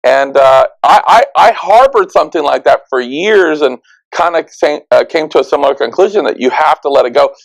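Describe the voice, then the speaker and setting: On a rough recording, a man with a gravelly voice on the high side speaks fairly quickly. As the host of a conversational interview, he poses questions and thinks back on his own experiences.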